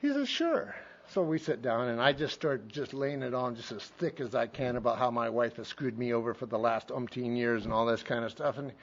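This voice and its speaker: A man's voice: medium pitch, brisk, few pauses. A man from Montana giving a speaker share at a recovery meeting, telling his story in a folksy way and acting out what others said. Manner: folksy storytelling, acts out quotes. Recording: dull lo-fi meeting tape.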